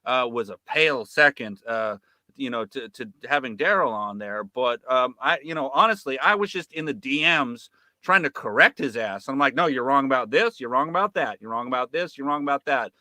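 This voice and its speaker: Profane, sarcastic man with a bright voice. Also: mid-range voice, expressive, fairly quick, no room sound. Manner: profane, sarcastic, many fillers and restarts. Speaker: filmmaker guest. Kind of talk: animated casual storytelling.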